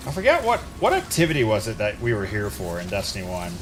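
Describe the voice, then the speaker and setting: A man streaming a video game live, chatting casually and talking to himself as he plays, with an occasional excited curse. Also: on the low side, fast, a little hiss or hum. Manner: casual, chatty, talks to himself while playing. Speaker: gaming streamer. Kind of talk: live gameplay commentary.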